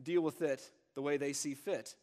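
A man preaching a sermon in a conversational way, breaking into quick impressions of children and adults. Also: on the high side, steady tone, mellow. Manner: conversational, acts out quoted voices of kids and adults.

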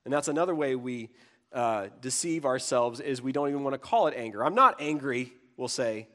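A man preaching a sermon in a conversational way, breaking into quick impressions of children and adults. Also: mid-range voice, darkish tone. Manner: conversational, acts out quoted voices of kids and adults.

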